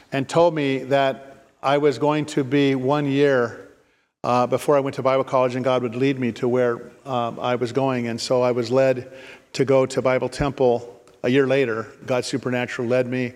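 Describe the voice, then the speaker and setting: A man in his fifties or older, a pastor preaching a sermon and telling a personal story, often restarting and repeating words. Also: medium pitch. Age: 50s or older. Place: church sanctuary. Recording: reverberant church hall.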